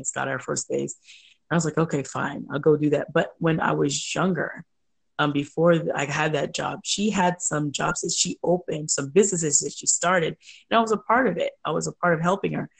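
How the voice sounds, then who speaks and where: A middle-aged woman telling personal stories as an interview guest, lively, laughing often and acting out quoted voices. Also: low-pitched, a little fast, creaky, husky. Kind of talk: conversational interview storytelling.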